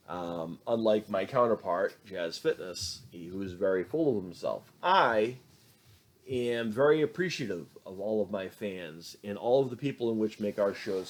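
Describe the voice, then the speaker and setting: A middle-aged man hosts his own show and talks casually to camera. His voice sits at an ordinary pitch. He rambles, restarts his sentences and fills gaps as he goes. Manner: rambling, with many restarts and fillers. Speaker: show host reading fan emails.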